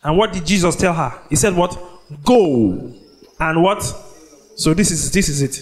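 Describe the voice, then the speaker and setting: Animated preacher man. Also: a little high. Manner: call-and-response preaching, asks the congregation to fill in words; animated, draws out scripture phrases slowly. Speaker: pastor. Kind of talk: sermon. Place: church.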